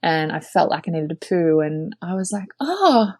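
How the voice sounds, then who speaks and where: A woman's voice: low-pitched, steady tone, normal speed, a little mellow, no room sound. A young woman telling her own birth story in an earnest, chatty way, full of "like" fillers. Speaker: podcast guest sharing her birth story. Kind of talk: casual personal storytelling.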